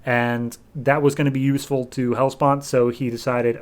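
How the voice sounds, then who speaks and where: A man's voice: medium pitch, flat delivery, moderate pace. A man hosting a podcast, giving a casual and sarcastic comic book review full of "like" and loose retellings.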